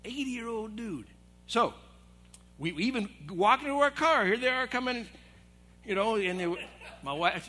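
A middle-aged male pastor with a high, bright, forceful voice. He tells a story to a men's group and slips into the voices of the people he quotes. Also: unhurried, long pauses. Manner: animated, acts out quoted voices. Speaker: assistant pastor. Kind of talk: storytelling sermon. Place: church hall.

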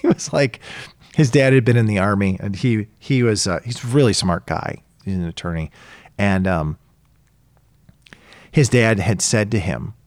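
A man co-hosting a casual chat, telling stories in an animated way and acting out the people he quotes. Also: fairly low pitch, moderate pace, pauses often, no echo. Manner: animated storyteller, acts out quotes.

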